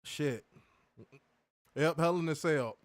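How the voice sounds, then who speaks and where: A man's voice: on the high side, slow, dry recording, clean studio sound. Laughing, loose-talking young man. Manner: laughs hard, loose and profane. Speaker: podcast co-host. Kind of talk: casual chat.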